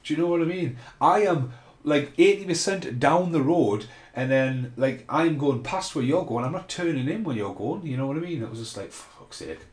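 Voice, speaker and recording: A man's voice: a little high, lively intonation, moderate pace. Sweary rambling man, roomy echo. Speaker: film commentary podcast host. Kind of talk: casual film commentary.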